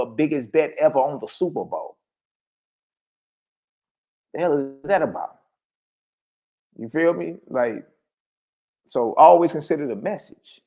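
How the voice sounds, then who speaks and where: A man holds forth on spiritual matters in a loose, preachy, conversational way. He keeps tossing questions at his listeners as he goes. His voice sits at an ordinary middle pitch. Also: darkish tone. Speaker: online talk host. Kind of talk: casual spiritual commentary.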